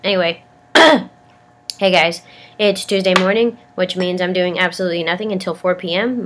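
A young woman chats to the camera in a casual vlog, rambling and stammering as she pokes fun at herself. Her voice sits a little low and sounds sick and congested. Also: brisk, a bit bright, a little hiss or hum. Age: young adult. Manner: rambling, self-deprecating, stammers. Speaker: vlogger.

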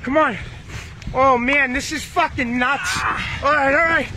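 A man with a very high voice gets excited about a catch, pouring out curse words and repeated cries of disbelief as he talks at a slow pace. He records on a handheld phone, with clear engine and water noise around him out on a boat. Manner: excited, swearing constantly, repeated exclamations. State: shaky with excitement. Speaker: fisherman filming his catch. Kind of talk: excited vlog commentary.

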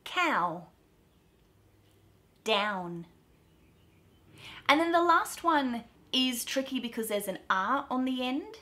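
A young Australian woman teaching pronunciation, drawing out vowel sounds slowly and clearly as she demonstrates them. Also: high voice, animated, pushed and bright. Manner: slow, drawn-out demonstration of sounds. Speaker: accent coach. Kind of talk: pronunciation lesson to camera.

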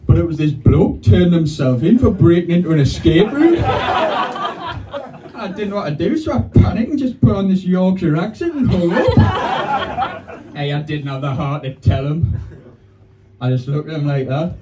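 A man doing stand-up, his voice high and swooping all over the place. He sounds a little far from the mic, and the live room is noisy around him. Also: moderate pace, dull audio. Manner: animated, punchy delivery with crowd laughter. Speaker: stand-up comedian. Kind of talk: stand-up storytelling. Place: comedy club stage. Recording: distant live club sound with audience.

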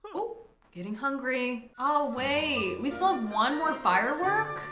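Animated woman doing game commentary, slightly high voice. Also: slow, over music. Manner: animated, playfully narrating her own game character; breaks into loud panicked shrieks and laughter. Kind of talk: let's-play commentary. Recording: roomy echo with clear background noise.

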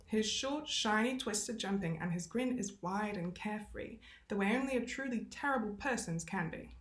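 Expressive female reader of a novel, mid-pitched, with self-aware asides, roomy room sound. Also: moderate pace. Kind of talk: reading a novel aloud. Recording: roomy echo.

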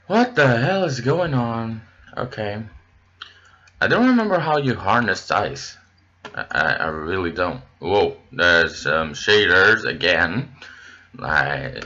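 A man with a low yet bright, edgy voice, talking slowly through casual gameplay commentary. He rambles and gets excited easily, addressing his viewers directly. The recording sounds dull and lo-fi. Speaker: gaming channel host.

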